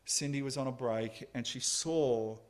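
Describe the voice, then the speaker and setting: Man preaching a sermon. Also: mid-range voice. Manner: storytelling, halting restarts, emphatic.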